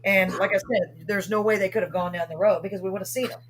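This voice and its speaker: A woman hosting a live chat show, telling ghost stories in a lively way and acting out what she said back then. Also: medium pitch, fast, slight background noise. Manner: animated storyteller, acts out her own past words. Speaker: host.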